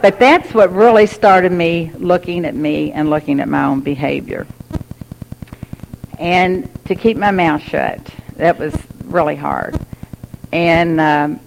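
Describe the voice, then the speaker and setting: A woman's voice: sits low, slow pace, vocal fry, slight background noise, low-quality recording. Candid woman telling her story. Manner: candid, laughs often while telling. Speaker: speaker sharing her recovery story. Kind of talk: personal testimony.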